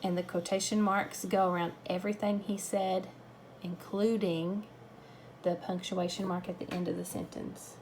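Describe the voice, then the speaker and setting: A woman teaching a grammar lesson, explaining punctuation slowly and patiently. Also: fairly low pitch, level tone, darkish tone, slight background noise.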